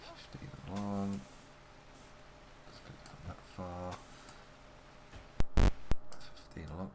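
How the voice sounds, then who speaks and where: A man's voice: low-pitched, little pitch movement, takes it slowly, long pauses, background noise. A man giving playful, wordy live commentary on a game he is playing, making theatrical asides to his chat. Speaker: live-streaming game player.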